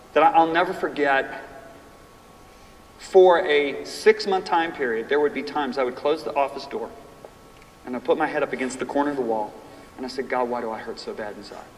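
A man in his fifties teaching a class in a sermon style, telling personal stories and reading scripture slowly and emphatically. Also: fairly high pitch. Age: 50s. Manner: animated storytelling, reads scripture slowly and emphatically. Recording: echoey hall from far off, faint ambience.

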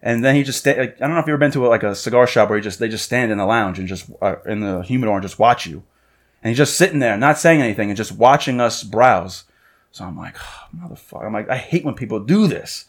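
A man hosting a podcast, telling quick casual anecdotes and acting out what people said. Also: fairly low pitch. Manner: fast anecdotes with acted-out quotes.

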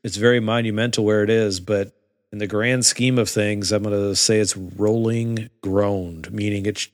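A man on a podcast explaining his opinion in a measured, hesitant way, with fillers. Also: lowish voice, steady tone, in a large hall. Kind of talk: casual podcast chat.

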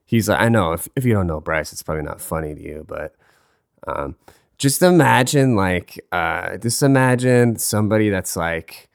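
A man's voice: low voice, expressive, moderate pace, creaky, dry recording, studio quality. A man hosting a casual solo talk, rambling and joking crudely, his voice stuffy from a cold. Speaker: podcast host.

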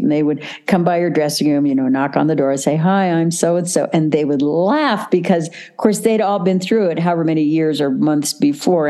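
An older woman, an actress, telling lively stories as a guest in a casual interview, laughing easily as she talks. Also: deep voice. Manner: animated, chatty, laughs easily.

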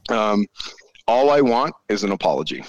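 A man, probably in his forties, telling a story in a casual chat, animated and full of swearing. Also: lowish voice, normal speed, no room sound, lo-fi sound. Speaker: podcast guest.

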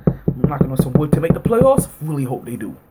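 A man's voice: a little fast, noisy background. A man hosting a sports podcast, telling a story casually, acting out both sides of an argument and filling his talk with "like" and laughter. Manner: animated, acts out both sides of an argument with rising pitch; heavy use of fillers like "like" and frequent laughter. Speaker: podcast host.

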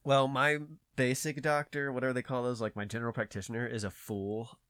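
A man's voice: medium pitch, fairly quick, clear, resonant tone, dry recording, clean studio sound. A man with a nasal voice, talking in casual podcast chat, rambling and swearing as he tells a story. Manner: rambling, profane, animated storytelling. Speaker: podcast host.

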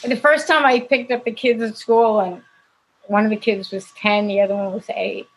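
A woman's voice: medium pitch, moderate pace, rough recording. A woman, an actress, casually telling anecdotes in an interview, chatty and laughing often. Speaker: actress guest.

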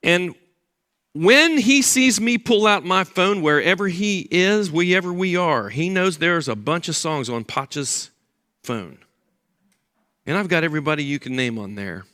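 An older man preaching a sermon as pastor, an animated storyteller who acts out the voices of people in his stories. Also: on the high side, a little slow.

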